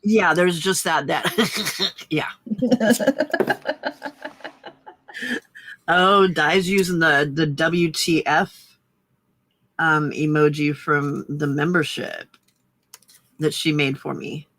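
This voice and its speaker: A woman chatting casually on a livestream, giggling often and filling pauses with ums. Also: low-pitched, a bit bright, slight background noise. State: slightly husky morning voice. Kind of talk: casual chat.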